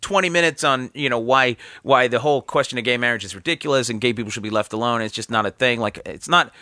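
A man's voice: mid-range voice, fast talker, no room sound, studio quality. A man from Canada with a Canadian accent, a guest comedian telling stories in casual chat, laughing often and acting out voices. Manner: animated storyteller, laughs often, acts out voices.

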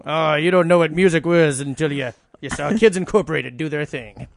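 A man's voice: fairly high pitch, brisk, gravelly, dry recording, studio quality. A man joking around as a podcast co-host in casual chat. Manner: joking, wry.

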